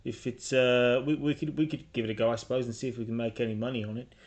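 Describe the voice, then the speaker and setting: A man's voice: mid-range voice, fairly even intonation, fast talker, darkish tone, lightly acted. Shrewd street-dealer woman, as a man puts her on. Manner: easygoing, calls people mate.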